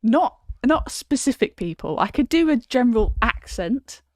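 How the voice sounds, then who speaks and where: A woman's voice: fairly high pitch, big pitch swings, moderate pace, a little mellow, no room sound, studio quality. A woman hosting a casual chat, giggly and hesitant, full of fillers. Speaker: host.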